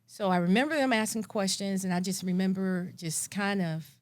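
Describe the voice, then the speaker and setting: A woman's voice: medium pitch, moderate pace. Woman telling a vivid personal story. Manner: animated, acts out her own past thoughts. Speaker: guest.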